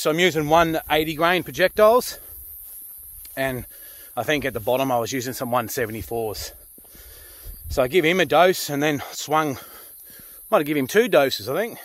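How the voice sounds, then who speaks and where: A man's voice: on the high side, fairly bright tone, dry recording. A man with an Australian accent, a pig hunter and channel host talking casually to camera outdoors in the country, blunt and swearing freely. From Queensland, Australia. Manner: blunt, swearing, laid-back bush talk. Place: outdoors in rural cane country.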